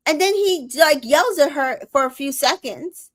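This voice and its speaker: Sassy woman host, slow and fairly high, reading out comments and weighing in. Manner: animated, sassy and opinionated, reads out comments. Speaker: recap show host. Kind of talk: casual recap chat reading viewer comments.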